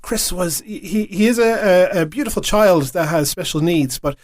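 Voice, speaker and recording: A man's voice: high voice, normal speed, no echo. A man at a radio station, telling an earnest story in a casual podcast chat. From Ireland. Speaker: radio station staff member. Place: radio studio.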